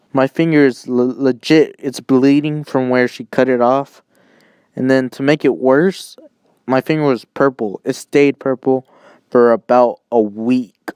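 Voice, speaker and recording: Young man, casual storytelling vlog, smooth clear voice, dry close sound, self-mocking and jokey. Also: mid-range voice, no echo. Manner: animated, jokey, self-mocking, cries out when quoting himself. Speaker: channel host.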